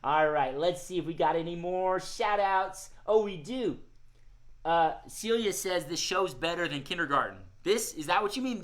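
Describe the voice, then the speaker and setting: A man hosting a live children's music show, gently and encouragingly greeting young viewers and reading their messages. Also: sits high. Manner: gentle, encouraging, reads viewer shout-outs. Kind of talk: live-streamed kids' show chat.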